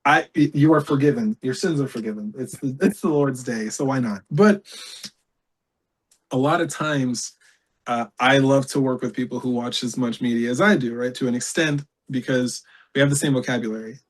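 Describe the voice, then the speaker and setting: A man in his thirties chatting as a podcast guest. He rambles, swears and stacks fillers in an animated run. His pitch sits in an ordinary middle range. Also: moderate pace. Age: 30s. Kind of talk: casual chat.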